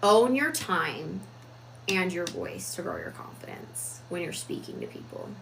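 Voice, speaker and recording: A woman giving a reflective, casual talk on personal growth, deliberate with frequent fillers. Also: on the low side, huge pitch swings, creaky, background noise. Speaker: self-improvement vlogger.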